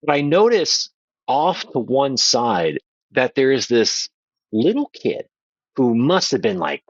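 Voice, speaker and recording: A man guest on a podcast telling a playful anecdote in a casual, animated way. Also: mid-range voice, slow, no room sound, dull audio. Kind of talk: casual storytelling.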